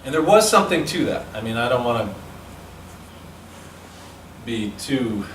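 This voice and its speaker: A male speaking coach with a mid-range, fairly bright, sing-song voice leads a seminar lecture at a measured pace, explaining measurements chattily and answering questions. He's recorded from a distance in an echoey seminar room with slight background noise.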